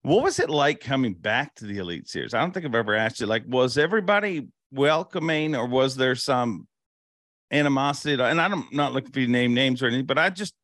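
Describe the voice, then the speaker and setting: A man hosting a casual interview chat, asking relaxed questions of a guest. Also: medium pitch, a little fast, no room sound, clean studio sound. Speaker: interview host.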